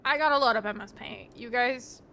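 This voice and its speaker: A woman's voice: fairly high pitch, fairly quick, gravelly, bright, forceful tone, slight background noise. A young woman streaming live, chatting casually with her viewers in a rambling, giggly way with lots of ums.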